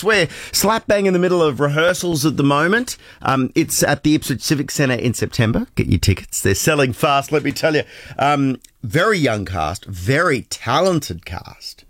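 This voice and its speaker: A middle-aged Australian man hosting a breakfast radio show, chatting casually and poking fun at himself, with a few ums along the way. His voice sits at an ordinary pitch. The studio sound is close and dry. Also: lively intonation, moderate pace, fairly bright tone, dry recording. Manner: chatty, self-deprecating, with frequent ums. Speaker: radio host. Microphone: studio microphone.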